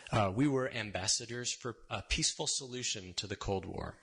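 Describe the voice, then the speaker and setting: Man, church sermon, casual storytelling, wry asides, bright forward voice. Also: lowish voice, a little fast, gravelly, breathy edge. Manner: casual, wry, checks in with "right?". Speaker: sermon speaker. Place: church sanctuary.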